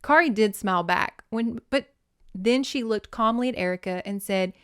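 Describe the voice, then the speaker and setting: A woman's voice: fairly high pitch, normal speed, smooth, no echo, studio quality. A woman hosting a casual book recap, chatting, swearing and laughing as she retells the story. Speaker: host reviewing books.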